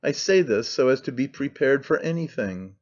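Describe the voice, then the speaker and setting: A man reading an audiobook voices a cold, aloof aristocrat who speaks in a reserved, measured way. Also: mid-range voice, lively intonation, a little mellow, close to an everyday voice. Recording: slightly dull lo-fi sound.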